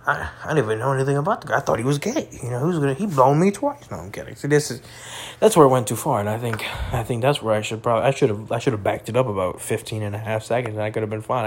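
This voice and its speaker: A young man talking crudely in a rambling casual monologue, full of fillers and slang, tipsy and high. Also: very fast.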